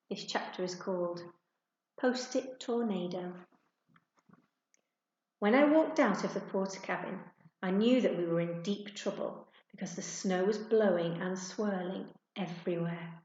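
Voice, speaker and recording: A woman reads a children's chapter book aloud in a gentle, expressive storytelling voice. Her voice bounces around a very echoey room. The sound is dull and muffled. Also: medium pitch.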